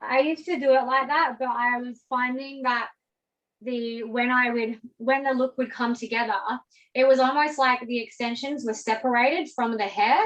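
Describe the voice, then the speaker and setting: A woman's voice: on the high side, normal speed, poor audio. Chatty Australian woman teaching braids. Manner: chatty and animated, demonstrating on a mannequin. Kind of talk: casual hair braiding tutorial on a video call.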